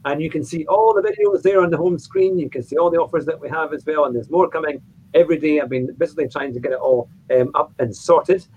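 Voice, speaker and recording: A man hosting a casual online show, chatty and relaxed, often saying "aye". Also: a little high, quick pace, slight background noise. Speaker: podcast host. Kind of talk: casual chat. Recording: dull lo-fi sound.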